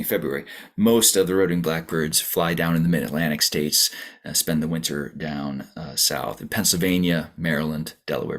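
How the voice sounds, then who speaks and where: A low-voiced man talks through a virtual birding tour in a loose, easygoing way. He is full of "uh"s and small restarts, and now and then mimics a bird call. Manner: relaxed, chatty, many fillers, imitates bird songs. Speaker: audubon center director, tour guide. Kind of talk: informal narrated birding tour.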